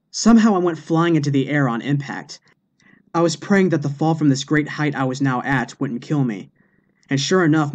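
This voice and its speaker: An unlucky cyclist recounts his story in a plain, earnest voice, as a man puts him on. His voice is fairly even and a little subdued. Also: fairly high pitch, close to an everyday voice.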